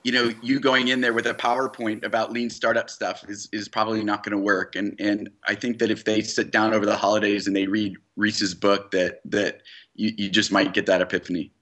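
A man answering a question on a conference panel, casual and joking, with halting starts. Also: lowish voice, little pitch movement, a bit bright.

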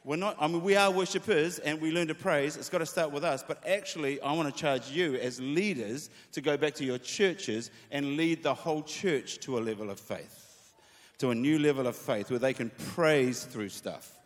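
A man preaching a sermon to worship leaders, reading scripture aloud with feeling and speaking with lively emphasis. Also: on the high side, moderate pace. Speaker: pastor. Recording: long reverb of a hall.

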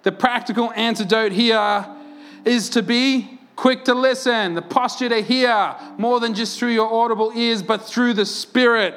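A man with a high voice preaches to his congregation in a lively, animated way. He fires off rhetorical questions and laughs often between his points. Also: unhurried, clean tone. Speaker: pastor. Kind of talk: sermon. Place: church.

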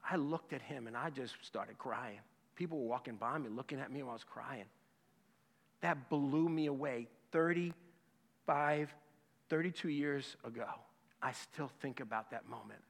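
A man in his fifties preaching a sermon, emphatic and impassioned, then dropping to a hushed voice for a personal story. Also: medium pitch, a little slow, vocal fry, long pauses. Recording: long hall reverb.

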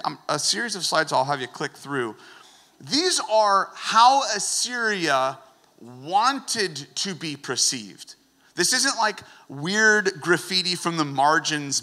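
Bright-voiced man teaching with jokes. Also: fairly high pitch, in a large hall. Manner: lively, joking, conversational teaching. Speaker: guest preacher. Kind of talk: sermon.

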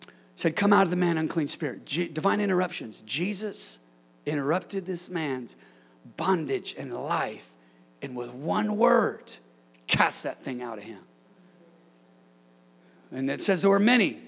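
Male preacher, fired-up sermon delivery, high voice with a gravelly edge, jokes with the room. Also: unhurried, long pauses. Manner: excitable, shouts commands, jokes with congregation. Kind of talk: energetic sermon.

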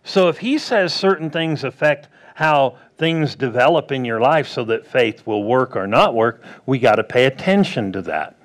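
A pastor preaching a sermon in a plain, conversational way, asking the crowd rhetorical questions and acting out what people and God might say. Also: male voice, mid-range voice, expressive, normal speed, hardly any pauses.

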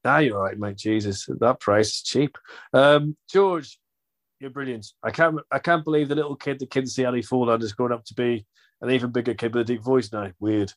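A man's voice: mid-range voice, brisk. A man hosting a football fan podcast, chatting casually with jokey, rambling banter. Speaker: podcast host. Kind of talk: casual chat.

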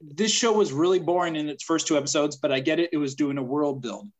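A man's voice: fast, rough recording. A man co-hosting a podcast, joking and rambling in casual chat. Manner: jokey, rambling, pitching mock ads. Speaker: podcast co-host.

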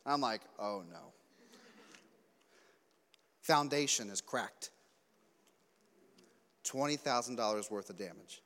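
A man preaching a youth sermon, telling animated stories, acting out quotes and joking along the way. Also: mid-range voice, unhurried, pauses often. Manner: animated storytelling, acts out quotes, jokey asides. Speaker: youth pastor. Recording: long hall reverb.

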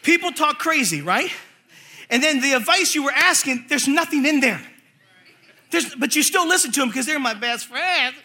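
A man preaching a lively, comic sermon to a church congregation, telling stories with acted-out quotes. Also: extremely high pitch, normal speed. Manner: animated storytelling with acted quotes and laughter.

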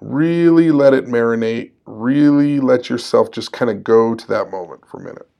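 A man's voice: mid-range voice, normal speed, gravelly, dull audio. A man in his forties hosting a solo podcast, talking in an upbeat, conversational and encouraging way and laughing at himself now and then. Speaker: podcast host.

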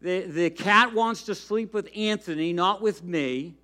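A man's voice: high voice, a little slow, sharp tone. A man reading a storybook aloud in the voice of a whiny, grumpy little boy who feels sorry for himself. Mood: aggrieved.

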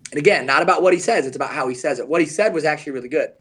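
A man's voice: on the high side, a bit bright, husky. Earnest man telling a coaching story. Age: adult, past his young advisor years. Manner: earnest, emphatic, slows down on key points. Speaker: podcast co-host, advisor coach. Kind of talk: conversational podcast storytelling.

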